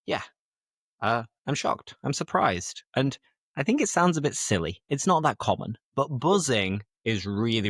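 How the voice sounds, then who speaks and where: A man's voice: on the low side, fairly bright tone, dry recording, studio quality. A British man hosting a podcast for English learners, talking in a chatty, playful way and explaining slang simply. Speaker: English teacher and podcast host.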